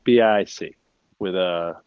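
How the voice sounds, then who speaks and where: Guest brewery owner, man, lively joker, low voice on a dull dry phone line. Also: takes it slowly. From United States. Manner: animated storyteller, jokey. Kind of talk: casual chat over a phone line. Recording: muffled dry phone-call audio.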